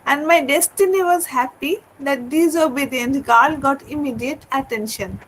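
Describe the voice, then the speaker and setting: A woman's voice: sits high, normal speed, fairly bright tone, a little hiss or hum, rough recording. A woman poet reads her memoir aloud to a webinar, earnest and hesitant, often restarting her phrases. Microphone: video call.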